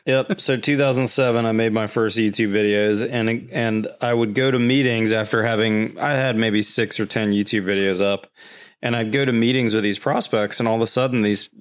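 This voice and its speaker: A man with a fairly low voice chats as a podcast guest. He tells rambling stories in a relaxed, conversational way and slips into quick acted-out quotes. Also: clean tone. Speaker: guest, home builder. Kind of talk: casual podcast storytelling.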